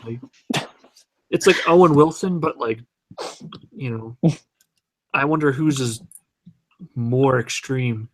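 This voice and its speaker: A man's voice: mid-range voice, takes it slowly, pauses often. Joking man on a casual podcast. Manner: joking, incredulous. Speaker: podcast co-host. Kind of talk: casual group chat.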